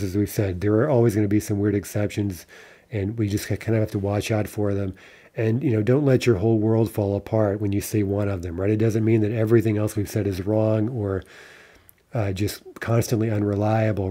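A man teaching a grammar lesson in a relaxed lecture style, often checking in with "right?" and "okay" as he walks through examples. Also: on the low side. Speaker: language teacher.

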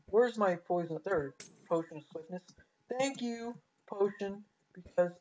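A woman hosting her gaming channel, rambling through live gameplay commentary and breaking into frustrated shouts. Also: mid-range voice, big pitch swings, moderate pace, highs cut off.

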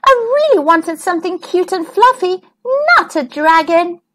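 A woman's voice: very high-pitched, lively intonation, normal speed, fairly bright tone, pitched above the performer's own voice. A woman voicing a hopeful little girl fairy in a children's storybook, sweet and earnest. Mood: dismayed.

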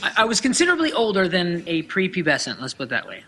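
A man's voice: high-pitched, wildly swooping pitch, fast talker, bright, forceful tone, a little hiss or hum. A man in his thirties, a voice actor, chatting playfully and joking in an interview. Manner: playful, jokey, laughs often. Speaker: voice actor guest. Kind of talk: casual interview chat.

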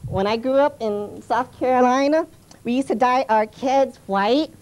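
A rambling Southern teacher reminisces, then hushes her class, as a teenage girl puts her on. The voice is fairly high and easygoing. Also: unhurried, poor audio. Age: late teens.

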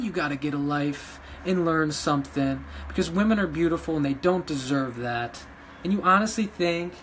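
A man vents in an emotional vlog rant, his voice sitting a little high for a man and swinging between hushed pleading and loud defiance. Faint room noise hums behind him. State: emotional after crying. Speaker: vlogger running a dog rescue. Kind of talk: emotional ranting vlog to followers.

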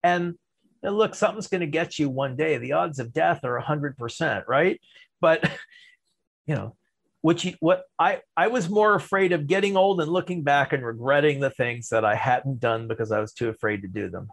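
Animated, fairly high-voiced man coaching. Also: gravelly. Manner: animated, varies loudness and pauses for emphasis. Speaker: storytelling and speaking coach, guest. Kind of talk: podcast interview answers.

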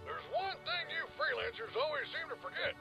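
An actor playing a gruff, stubborn older army sergeant who rallies his squad with blustery speeches. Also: very high voice, big pitch swings, a little fast, music in the background, heavily acted. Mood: rousing. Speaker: squad leader in an animated web series.

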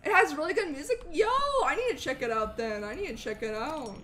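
A woman streaming a game live, chatting with viewers and swinging between loud greetings and low mutters. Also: expressive, fairly quick. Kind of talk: live gameplay commentary.

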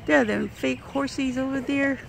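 A woman's voice: high-pitched, fairly even intonation, normal speed, creaky, a little hiss or hum. A woman chatting casually while filming animals outdoors at a ranch, cooing at them in a playful sing-song voice. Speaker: vlogger filming a ranch visit. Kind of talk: casual running commentary.

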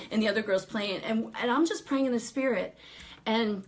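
A woman telling a ministry story in casual talk, animated and laughing often as she acts out what people said. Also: on the high side, a little fast.

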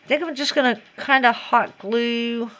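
A woman's voice: fairly high pitch, moderate pace, fairly bright tone. A woman in a casual DIY craft tutorial, chatty and giggly and talking to herself as she works.

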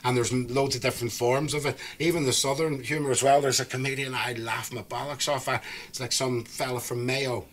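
A young man with a Northern Irish accent hosts a relaxed podcast chat, easygoing and talkative. His pitch sits at an ordinary middle height. He leans on friendly filler questions as he goes. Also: brisk. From Northern Ireland. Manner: easygoing, chatty, peppered with "you know what I mean". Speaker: podcast host. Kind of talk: casual chat.

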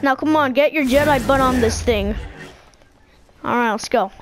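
A woman giving silly, boastful let's-play commentary over a video game, excitable and playful. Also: sits high, normal speed, pauses often. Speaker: gaming video maker. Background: video game music.

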